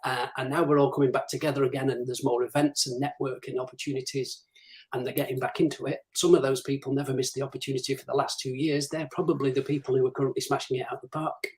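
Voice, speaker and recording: Over poor audio, a man with a medium-pitched, flat voice speaks quickly as a live-stream interview guest. He shares practical business development advice and acts out the questions clients put to him.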